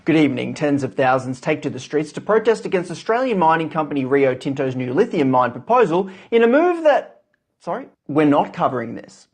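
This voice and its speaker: A man's voice: a little high, sing-song, fairly quick. A man voicing a flustered male news anchor in a satirical sketch, stammering and apologetic. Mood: mock-serious. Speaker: comedy sketch performer.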